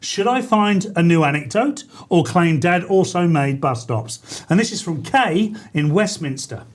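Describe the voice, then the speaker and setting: A man's voice: sits high, animated, measured pace. A man hosting a radio talk show, bantering in a playful, mock-earnest way and laughing often. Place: radio studio.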